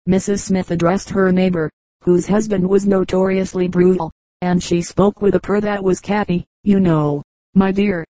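A woman reading an audiobook in a measured, even narration. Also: lowish voice, dry recording, low-quality recording. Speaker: audiobook reader. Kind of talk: scripted narration.

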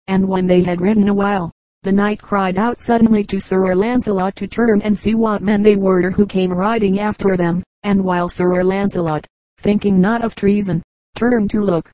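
Woman with a mellow reading voice. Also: mid-range voice, no room sound, poor audio. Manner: measured storytelling. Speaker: audiobook narrator. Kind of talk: audiobook reading.

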